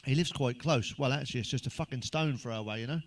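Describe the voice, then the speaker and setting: A man's voice: mid-range voice, fast, noisy background. A middle-aged man telling blunt, sweary jokes in a rambling comic monologue, chuckling at his own punchlines. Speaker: stand-up comedian. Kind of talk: crude joke-telling monologue.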